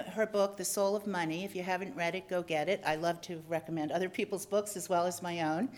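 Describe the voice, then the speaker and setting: A middle-aged woman giving an upbeat, effusive talk as a guest speaker at a club lecture venue. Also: fairly low pitch. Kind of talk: enthusiastic public talk.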